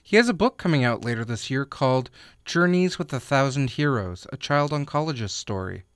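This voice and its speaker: A man co-hosting a podcast, reading scripted narration and credits in a measured way. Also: medium pitch, animated, smooth, dry recording, studio quality. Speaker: podcast co-host.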